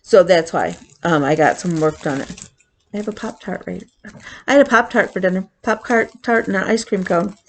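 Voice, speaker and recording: A woman's voice: lowish voice, normal speed, slight background noise. A woman chatting casually on her cross-stitch vlog, rambling with fillers as she tells a story.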